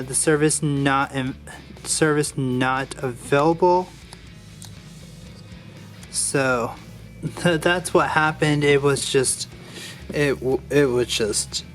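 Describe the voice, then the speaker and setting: A man casually walking through a Lego build step by step, drifting off into a rambling personal story and restarting his sentences as he goes. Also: a little high.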